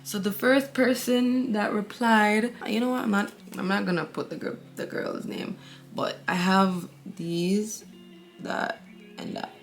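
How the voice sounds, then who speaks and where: Gravelly-voiced young woman chatting candidly. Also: medium pitch, fairly even intonation, a little slow, faint music behind. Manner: candid, rambling, confiding. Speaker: beauty vlogger. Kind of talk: casual chat while getting ready.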